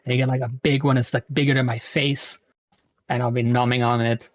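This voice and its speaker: A man guest on a podcast talks with plenty of enthusiasm, at a middle pitch. He often doubles up his words, and the recording is dry and close, with no room sound. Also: level tone, fairly quick, no echo. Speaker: guest streamer. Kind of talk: casual interview chat.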